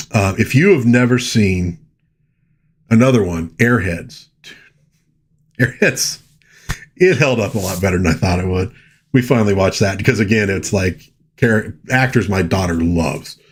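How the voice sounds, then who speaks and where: A man's voice: low-pitched, slightly rough. A middle-aged man hosting a casual live stream, chatting with enthusiasm and rambling through lots of fillers. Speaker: host.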